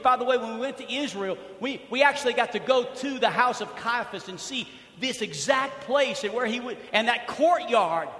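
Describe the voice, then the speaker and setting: A man preaching a sermon in a dramatic way, swinging from loud emphasis to hushed rhetorical questions. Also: sits high. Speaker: pastor. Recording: echoey hall, long reverb.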